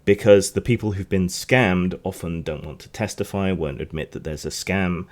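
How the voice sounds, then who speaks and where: A man with a notably deep voice hosts a news podcast. He talks in a loose, rambling way, often restarting his sentences and drifting into side remarks. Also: moderate pace, darkish tone. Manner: rambling, chatty, frequent restarts and asides. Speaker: podcast host. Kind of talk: casual news commentary.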